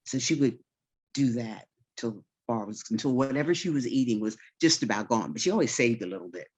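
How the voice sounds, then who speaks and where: A woman storyteller telling a childhood tale in a relaxed, folksy, conversational way, full of vivid detail. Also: a bass voice, brisk, breathy edge. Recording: slightly dull recording.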